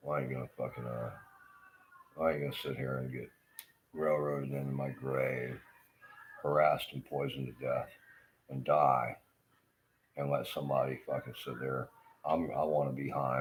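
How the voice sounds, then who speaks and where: A man's voice: a bass voice, little pitch movement, moderate pace, pauses often, a little hiss or hum. A middle-aged man in pain, ranting angrily and profanely in a rambling monologue.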